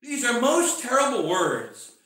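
Bishop sermon: high, bright American man, impassioned and theatrical, echoing from a distance in a church. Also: sing-song, a little slow. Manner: impassioned, acts out quoted voices, swings from loud to hushed. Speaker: bishop preaching. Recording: very echoey church, mic far off.

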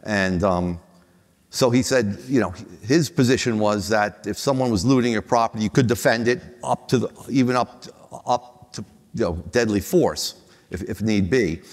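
A man's voice: lowish voice, moderate pace. An older man on a conference panel, telling anecdotes with frequent restarts and chuckles. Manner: rambling, many restarts, chuckles at own stories. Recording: long reverb of a hall.

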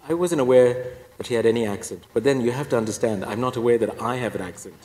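A man's voice: medium pitch, fast talker, hardly any pauses, mellow, slight background noise. A priest giving a personal testimony talk, telling his story with wry, self-deprecating humor. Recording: echoey hall reverb.

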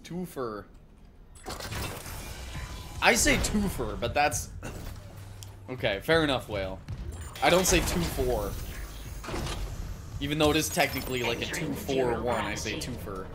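A man's voice: medium pitch, expressive, normal speed. A man streaming a video game live, chatting casually with viewers and swearing freely as he plays. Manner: swears freely, chats with viewers while playing. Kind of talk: casual live gaming commentary. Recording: game music clearly behind the voice. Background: game music.

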